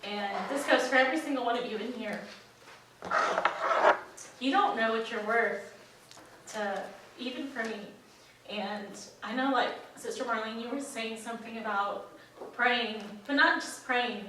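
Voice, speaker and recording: A woman's voice: on the high side, unhurried, long pauses, very echoey, far from the mic, heavy background noise. A woman in a church group giving an emotional, heartfelt testimony, close to tears. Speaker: church member sharing a testimony.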